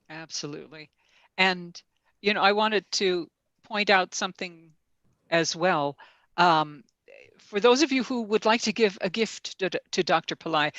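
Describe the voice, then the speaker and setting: A call host in casual chat, chatty and quick to laugh. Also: medium pitch, a bit bright, no room sound.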